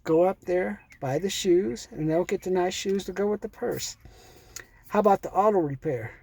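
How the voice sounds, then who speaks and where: A middle-aged man with a fairly high voice delivers a rambling motivational sales talk. He is pushy and blunt, swears freely and calls the listener "man" again and again. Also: normal speed, gravelly, darkish tone, slightly rough. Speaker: sales trainer.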